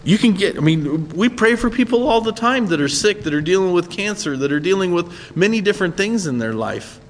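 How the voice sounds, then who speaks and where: A man's voice: high-pitched, expressive, brisk, in a large hall, a little hiss or hum. A man preaching a sermon in a conversational way, often checking in with his listeners. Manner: conversational, asks listeners "right?". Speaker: pastor.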